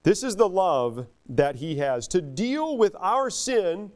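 A middle-aged man preaching a sermon as a pastor, earnest, moving between soft, slow passages and loud, emphatic ones. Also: sits high, big pitch swings.

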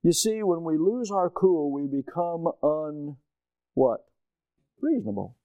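A middle-aged male preacher telling a personal story in a sermon, animated, moving from quiet asides to loud shouting, his throat strained. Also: fairly high pitch, measured pace, dry recording, narrow, tinny audio.

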